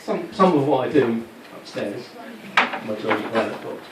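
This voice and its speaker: At a live venue, a stand-up comedian in his forties works through a rambling, self-deprecating set full of stumbling restarts. His medium-pitched voice is expressive and unhurried. A distant mic picks up a roomy sound, heavy background noise, and loud laughter from the crowd.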